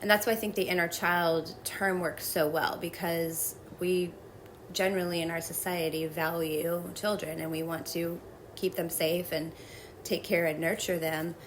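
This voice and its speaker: A woman guest calmly explaining a self-help technique in a measured, reflective way. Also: on the low side, slight background noise, low-quality recording.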